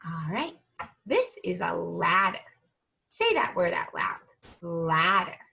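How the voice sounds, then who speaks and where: A woman teacher leading an early-reading lesson for young children, slow and patient, stretching out each sound. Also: fairly low pitch, huge pitch swings, creaky, bright, forceful tone.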